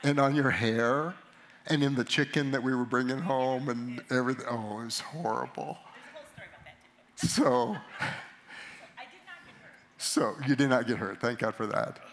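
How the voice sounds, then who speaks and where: A middle-aged man giving a sermon to a live audience, telling a story about himself with animated, self-mocking humor. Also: mid-range voice, a little slow, long pauses. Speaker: pastor or conference speaker.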